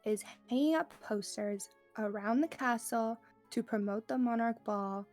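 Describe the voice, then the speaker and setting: A woman's voice: fairly high pitch, a little slow, a little mellow, faint music behind. A woman playing a tabletop role-playing game, describing her character playfully. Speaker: player.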